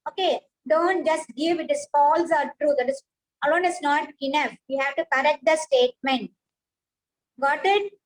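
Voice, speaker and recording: A woman's voice: high-pitched, normal speed, low-quality recording. A woman, teaching a science class, patiently repeating points and praising pupils by name.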